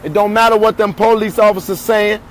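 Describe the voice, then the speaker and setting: A man's voice: high-pitched, fairly even intonation, fairly quick, slight background noise, poor audio. A man giving a livestreamed protest speech outdoors into a phone, chanting and rallying.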